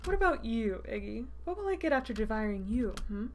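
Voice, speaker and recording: Girl doing a creepy sweet-talking guy, teasing, purring little hmms, a bit higher and louder. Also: very animated, fairly quick, slight background noise. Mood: menacing. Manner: teasing, purring, lilting questions. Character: sadistic mock-sweet male captor, menacing. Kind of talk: reading a visual novel aloud.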